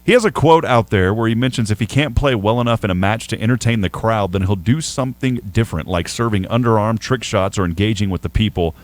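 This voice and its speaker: A man's voice: lowish voice, fast, hardly any pauses, dry recording. A man hosting a sports radio show, talking casually and jokingly in a studio. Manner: animated, chatty, jokey.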